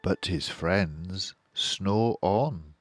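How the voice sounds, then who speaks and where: An older man reading a children's picture book aloud in a lively, rhythmic storyteller's way. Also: deep voice, drawn-out words, dry recording. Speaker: storybook reader.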